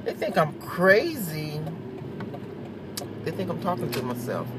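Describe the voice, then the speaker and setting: Woman vlogger, chatty and rambling, recorded on a phone in a car with clear road noise behind. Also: on the low side, big pitch swings, unhurried. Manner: rambling, chatty, laughs often. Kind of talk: casual chat. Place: in a car in traffic.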